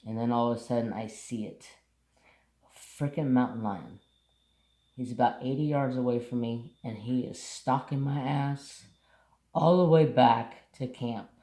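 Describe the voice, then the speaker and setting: A man hosting a craft channel, telling a story in a relaxed, rambling way and swearing casually. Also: medium pitch, measured pace. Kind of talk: casual storytelling while painting. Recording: roomy echo.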